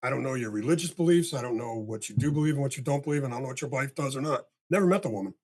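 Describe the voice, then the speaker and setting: An older man with a husky, slightly breathy voice tells a story as a podcast guest. He is animated and acts out each line of dialogue, with casual swearing. His pitch sits in a middle range for a man. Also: racing.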